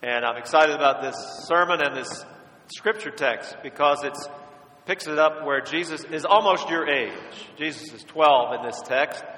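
A man's voice: fairly high pitch, moderate pace, pushed and bright. A man preaching a sermon as pastor, speaking conversationally and turning straight to his listeners. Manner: conversational, addresses listeners directly. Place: church sanctuary. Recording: echoey church, long reverb.

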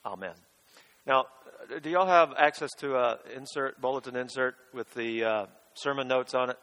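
Male pastor, bright forceful voice, chatty sermon delivery, addresses listeners directly, reverberant church hall. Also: medium pitch, steady tone, moderate pace. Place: church sanctuary. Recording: echoey church, long reverb.

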